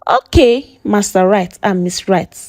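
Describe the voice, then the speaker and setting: A woman's voice: medium pitch, unhurried, a little mellow, no echo, soft background music. A woman with a Nigerian accent voicing a stern, churchgoing widowed mother who scolds in a mocking, sermon-like way. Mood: preachy scolding.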